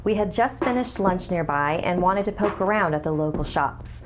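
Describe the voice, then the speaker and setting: A woman hosting a horror podcast and narrating a scary story in a calm, hushed, measured voice. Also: on the low side, noisy background. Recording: music underneath.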